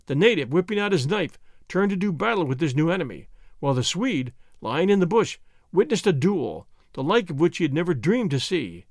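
Male audiobook narrator, lively wide-ranging delivery, higher voice, dramatic storytelling. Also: a little fast, no echo, clean studio sound. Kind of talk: scripted narration.

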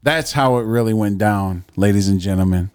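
A man's voice: lowish voice, moderate pace, a little mellow, no echo, studio quality. A man co-hosting a podcast, joking and swearing in rambling casual chat. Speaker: podcast co-host.

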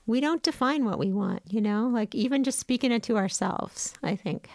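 Higher-voiced woman interviewer, dry sound. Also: normal speed, vocal fry, darkish tone, no room sound. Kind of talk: casual interview. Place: at home.

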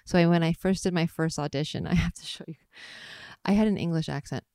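A woman's voice: lowish voice, fast, mellow, dry recording, studio quality. A young adult woman interviewing guests, talking openly and reflectively in a loose, rambling way. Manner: open, rambling, self-reflective, laughs often. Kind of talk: candid conversational interview.

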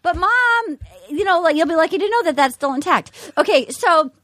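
A woman's voice: very high-pitched, normal speed. A woman co-hosting a podcast, chatting casually and animatedly with frequent laughter and swearing. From New England, US. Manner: animated, laughing, profane gossip. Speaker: podcast co-host.

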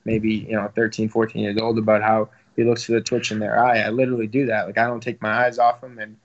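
A young man talks fast in an even, flat tone, piling up fillers and casual swearing as an interview guest. The audio is a little dull and lo-fi. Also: on the low side. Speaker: professional fighter and guest.

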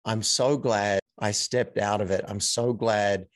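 A man, a coach and actor, telling stories as a podcast guest in a measured, reflective way. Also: on the low side, steady tone, crowd noise. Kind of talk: casual interview chat.

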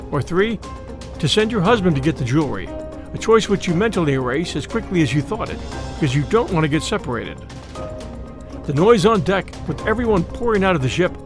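High, animated male storyteller. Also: gravelly. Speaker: narrator. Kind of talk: second-person historical audio story.

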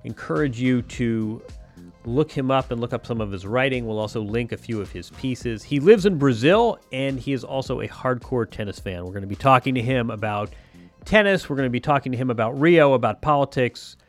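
A man's voice: mid-range voice, expressive, fairly quick, faint music behind. A man hosting a podcast, chatty and friendly, introducing a guest and interviewing him. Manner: friendly, chatty, some filler hesitations. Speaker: podcast host.

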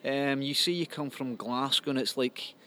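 A man with a Glaswegian accent, answering questions at an outdoor market. He talks haltingly, repeating words and restarting. Faint background noise sits behind him. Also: mid-range voice, fairly even intonation, sharp tone. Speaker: interviewee at a market. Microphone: handheld interview mic.

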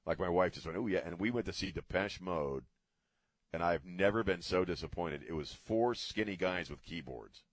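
A man's voice: sits low, normal speed, no room sound. A middle-aged man hosting a casual talk radio show from a studio, rambling and joking off the cuff. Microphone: studio mic.

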